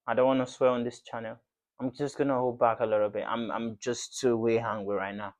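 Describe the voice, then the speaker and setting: A man's voice: medium pitch, darkish tone. A man hosting his football fan channel, delivering a passionate, repetitive reaction rant to the camera in slangy everyday speech.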